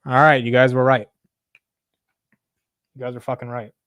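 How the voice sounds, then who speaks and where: A man hosting a live market show, talking casually in an animated, profane, self-mocking way. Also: medium pitch, normal speed, no echo, clean studio sound. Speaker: market livestream host.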